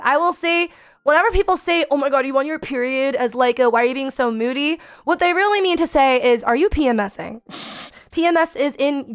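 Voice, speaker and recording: Young woman streamer chatting, high smooth voice, really candid and expressive, faint music behind. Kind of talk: casual chat.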